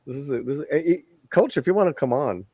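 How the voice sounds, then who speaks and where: A man's voice: mid-range voice, expressive, fast, warm tone, breathy edge, no room sound. A man hosting an online talk show, chatting loosely and reading a roll call of members. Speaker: show host. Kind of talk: casual chat and sign-off.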